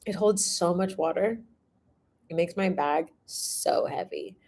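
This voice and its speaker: A woman's voice: fairly low pitch, slow, a little mellow. A young woman reading tarot on a livestream in casual chat, laughing often and swearing freely. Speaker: tarot reader.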